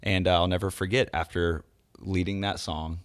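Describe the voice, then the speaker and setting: A man with a deep, low voice tells a story as an interview guest, animated and full of laughter. He acts out the voices of other people as he goes. He grew up in the US South. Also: moderate pace. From Charleston, US South. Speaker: guest, worship songwriter.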